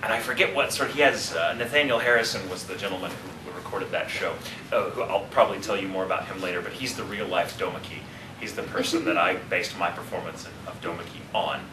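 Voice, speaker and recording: At a convention panel, a deep-voiced voice actor in his thirties fields fan questions, talking fast in an animated, joking way and drifting into tangents. The recording is roomy and distant, with audience noise.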